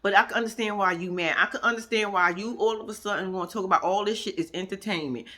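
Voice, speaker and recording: A woman's voice: medium pitch, quick pace, pushed and bright. A woman casually recapping a reality show, blunt and profane, laughing often and mimicking the people she talks about.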